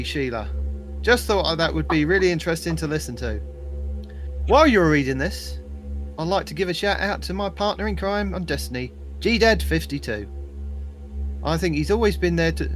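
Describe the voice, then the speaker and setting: A man reading out a male listener's email in a loud, exaggerated put-on Australian voice. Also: on the high side, voice pushed up, lightly acted. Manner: loud, over-the-top mock Australian delivery. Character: male listener reading his letter in a fake Australian accent.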